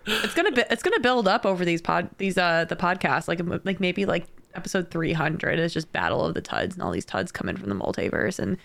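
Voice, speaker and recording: A woman's voice: lowish voice, big pitch swings, gravelly, a bit bright. Playful giggly woman podcaster. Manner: playful, giggly, quick storytelling. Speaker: podcast co-host. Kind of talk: casual podcast chat.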